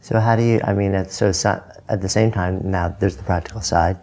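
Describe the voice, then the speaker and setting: A man hosting a podcast interview, starting his questions haltingly before getting to the point. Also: low-pitched, steady tone, darkish tone. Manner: hesitant, restarts questions before asking. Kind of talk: conversational interview.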